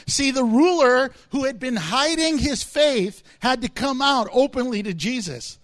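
High-voiced man preaching a lively sermon. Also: slow. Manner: animated, acts out voices of people in the story. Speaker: pastor.

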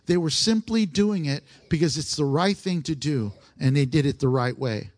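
A male preacher with a slightly raised voice gives a relaxed, talky sermon. He puts questions to the congregation and repeats his main points for emphasis. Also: fairly high pitch, normal speed, few pauses. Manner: conversational, asks the listeners questions and repeats key phrases.

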